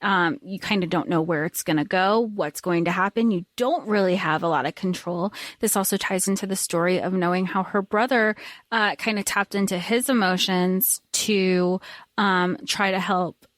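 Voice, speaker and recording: A woman's voice: on the low side, moderate pace, no echo. A woman co-hosting a casual book podcast, talking through her thoughts in a chatty, meandering way. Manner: chatty, thinks aloud with fillers and restarts. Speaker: podcast co-host.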